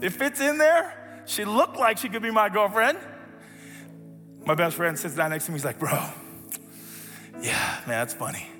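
A man giving a storytelling sermon as a pastor, animated, acting out voices and sinking to a soft hush. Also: high voice, normal speed, long pauses. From grew up as an immigrant. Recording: reverberant hall with faint music.

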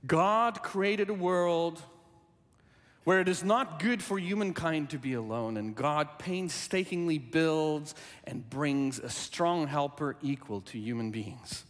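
A man preaching a sermon in a church, speaking earnestly and deliberately, repeating his key phrases. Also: on the high side, in a large hall. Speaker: pastor.

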